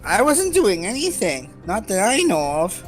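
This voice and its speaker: Woman playing a sneaky young scavenger dude, slow drawling talk, plays innocent, faint music behind. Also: mid-range voice, big pitch swings, pitched above the performer's own voice. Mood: evasive. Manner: protests innocence, playful and dodging. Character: shifty young male scavenger rogue, evasive.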